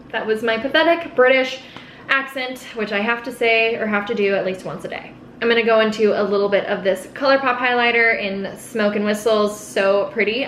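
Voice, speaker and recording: A young woman chatting in a relaxed, upbeat way while doing her makeup as a vlogger. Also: mid-range voice, slight background noise. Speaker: beauty vlogger. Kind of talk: casual get-ready-with-me chat. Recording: echoey room.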